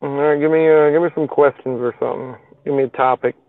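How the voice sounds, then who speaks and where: A man's voice: on the high side, fairly even intonation, quick pace, dry recording. A man chats loosely on his own live stream, rambling and filling his talk with folksy asides. His voice comes through thin and tinny, as if over a phone line, with a close, dry sound and no room around it. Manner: rambling, with many fillers and plain folksy speech. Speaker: live stream show host. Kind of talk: casual live stream chat. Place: parked car in a lot.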